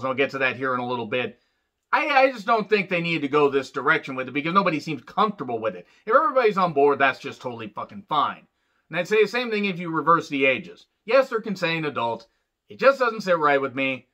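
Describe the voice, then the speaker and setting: A wrestling reviewer with a slightly high, sharp-toned voice rambles through a casual, profane, sarcastic rant about a show. The recording sounds dull and lo-fi.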